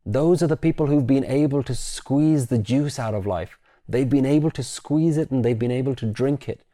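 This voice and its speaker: A man giving a reflective spiritual talk, gently asking questions and leading the listener through guided imagery. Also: medium pitch, normal speed. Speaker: spiritual teacher.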